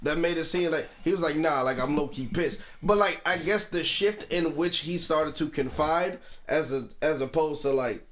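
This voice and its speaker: A man's voice: on the high side, normal speed, hardly any pauses, a bit bright, a little hiss or hum. A young man co-hosting a podcast, telling a story in loose slang, rambling and laughing often. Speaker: podcast co-host. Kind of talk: casual podcast banter.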